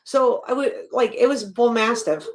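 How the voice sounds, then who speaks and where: Woman host reacting on a live stream, kinda high voice, blunt and animated, swears a lot. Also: moderate pace. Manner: blunt and animated, swears freely, laughs between remarks. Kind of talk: casual reaction commentary.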